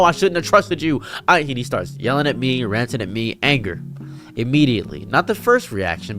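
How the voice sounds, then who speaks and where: A streamer and commentary creator tells personal stories in an earnest, preachy, reflective monologue about kindness. His voice is medium-pitched and fairly bright, with faint guitar music in the background.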